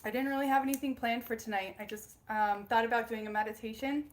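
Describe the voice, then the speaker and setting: A woman's voice: on the high side, fairly even intonation, fast. A young woman hosting a casual spiritual livestream from home, bubbly and giggly as she greets viewers by name. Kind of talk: casual live-stream chat.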